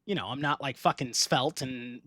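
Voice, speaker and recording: Bright, excitable man hosting a podcast. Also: medium pitch, normal speed, dry recording, studio quality. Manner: animated, laughs a lot, swears freely. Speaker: podcast host. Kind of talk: casual chat.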